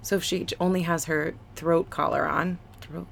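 Low gravelly woman, rambling chat. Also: steady tone, normal speed, fairly bright tone, slight background noise. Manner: rambling, filler-heavy, laughs along. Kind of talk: casual storytelling chat.

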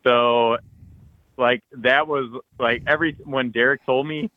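A man co-hosting a podcast, telling an excited hunting story full of acted-out quotes and loud bursts. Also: mid-range voice, unhurried, no echo, phone-quality sound. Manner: animated, loud bursts, frequent "like", acts out texts and quotes.

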